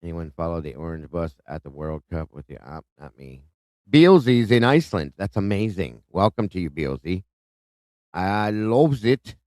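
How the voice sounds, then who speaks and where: A man's voice: sits low, no echo. A man hosting a live stream, casually greeting viewers by name and reading their comments aloud. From Ohio. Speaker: livestream host. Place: home in Ohio.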